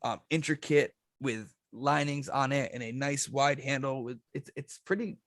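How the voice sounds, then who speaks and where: A man narrating as dungeon master, describing rooms and loot in a laid-back, halting way. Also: mid-range voice, a bit bright, no echo, studio quality. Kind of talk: narrating a tabletop game over a call.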